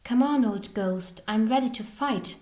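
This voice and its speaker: A woman's voice: mid-range voice, animated, a little slow, a little mellow, pitched above the performer's own voice. A woman reading the part of a cheeky, brave boy from long ago, in a roomy-sounding recording. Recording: roomy echo.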